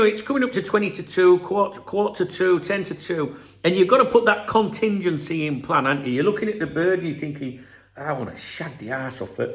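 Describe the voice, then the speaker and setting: A man's voice: high-pitched, a bit bright. A middle-aged man, rambling through a profane, casual vlog monologue and telling stories with asides. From England, Scarborough. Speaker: football channel host.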